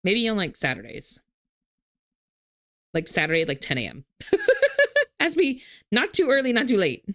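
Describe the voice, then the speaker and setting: A woman's voice: mid-range voice, wildly swooping pitch, moderate pace, fairly bright tone, no echo, clean studio sound. A young woman streamer chatting casually with her viewers, laughing often and swearing freely.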